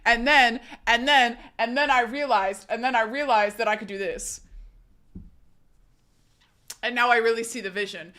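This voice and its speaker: A young woman streaming live, chatting casually in a giggly, chaotic way with loud outbursts. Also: a little high, steady tone, moderate pace, long pauses.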